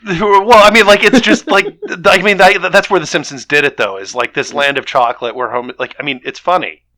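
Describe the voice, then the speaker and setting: A man's voice: a little high, brisk, bright, forceful tone, dry recording. A man from Germany, a guest on a podcast, chatting casually and rambling with lots of restarts. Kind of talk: casual chat.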